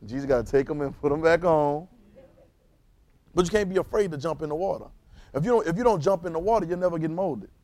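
A man preaching with a fairly high voice that keeps rising into loud, emphatic bursts before dropping back down. He repeats his lines and has the congregation echo him back. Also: quick pace. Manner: calls on congregation to repeat phrases. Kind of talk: sermon.

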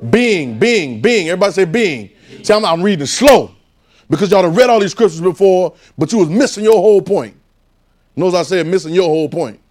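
A man's voice: sits high, a little fast, a little mellow. A man with a Southern US accent preaching a sermon in a casual, coaxing call-and-response style.

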